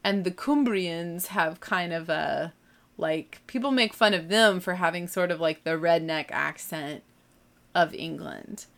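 A young woman from the southern United States, with a mild Southern accent, tells a funny story casually in a chatty, self-mocking way, filling it with "like" and "you know." Her voice runs on the low side, a little slow and creaky.

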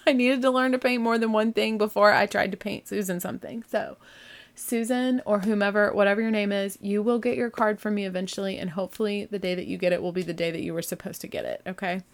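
A woman's voice: medium pitch, steady tone, fast talker, creaky. Chatty woman gushing to listeners. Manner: chatty, gushing, many fillers and asides. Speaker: podcast host. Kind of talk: casual solo chat.

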